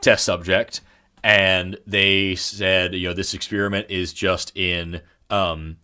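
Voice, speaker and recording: Low-voiced man explaining at length. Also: level tone, takes it slowly, bright, forceful tone, clear, resonant tone. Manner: explains at length, with many fillers and restarts. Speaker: podcast co-host. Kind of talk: casual chat.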